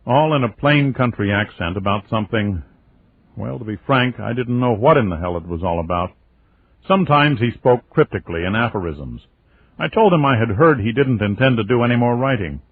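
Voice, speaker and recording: A man reading a first-person novel aloud as an audiobook, in a steady, wry storytelling manner. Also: mid-range voice, a little fast. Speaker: audiobook narrator. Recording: tinny lo-fi phone-like audio.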